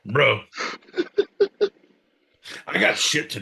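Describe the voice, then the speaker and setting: A man co-hosting a podcast in casual comedic banter, loud and profane with sudden bursts of energy. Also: lowish voice, a little slow. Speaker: podcast co-host.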